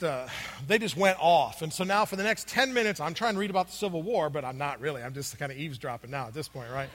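A man preaching a sermon, telling a personal story in a conversational way with plenty of fillers, moving between loud stretches and hushed asides. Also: high voice. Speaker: pastor. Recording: long hall reverb.

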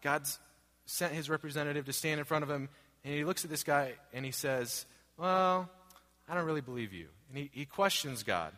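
Speaking briskly, a man in his thirties preaches as pastor with a fairly high, fairly bright voice. The sermon is earnest and repetitive, full of rhetorical questions, and the recording carries long hall reverb.

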